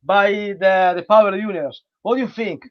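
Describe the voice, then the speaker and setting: High-voiced hesitant man on a dull call line. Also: fairly even intonation. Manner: hesitant, many fillers, halting non-native phrasing. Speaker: interview host, relationship coach. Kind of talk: hosting a live online interview. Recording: dull lo-fi online call audio.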